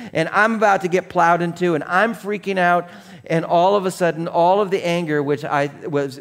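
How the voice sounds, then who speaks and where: Animated storytelling male pastor. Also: fairly high pitch. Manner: storytelling, animated and self-mocking, many fillers and restarts. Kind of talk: sermon with personal story. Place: church stage.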